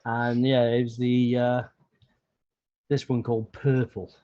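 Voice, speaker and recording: A man in a casual live-stream chat, halting at first, then reading recipes out steadily. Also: mid-range voice, flat delivery, warm tone. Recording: dull lo-fi call audio.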